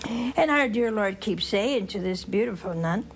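An older woman teaching with slow, lingering phrasing, her voice rising and falling with great expression. She hosts a religious call-in program and sinks to near whispers on her tenderest lines. A faint hiss sits under the recording. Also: medium pitch, animated. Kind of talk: spiritual teaching with phone calls.

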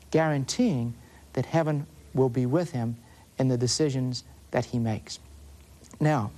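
Slow Southern preacher, deliberate. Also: male voice, on the high side, darkish tone. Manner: slow, deliberate, stretching key words for emphasis. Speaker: Catholic preacher. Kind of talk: sermon teaching on scripture.

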